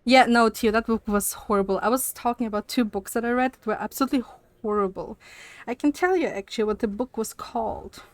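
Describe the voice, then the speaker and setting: A woman's voice: fairly high pitch, a little fast, dry recording. Breathless young woman streamer, dry close sound. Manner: animated, swearing, laughs often. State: slightly out of breath, on a walking pad. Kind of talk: casual chat with live chat.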